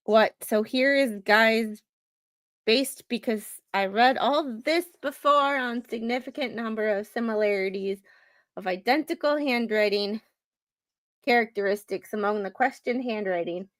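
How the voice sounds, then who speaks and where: A woman's voice: fairly high pitch, a bit bright, no room sound. Rambling woman reading court papers. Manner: halting, rambling, with many fillers and restarts. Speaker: commentary host. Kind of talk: casual reading of court documents.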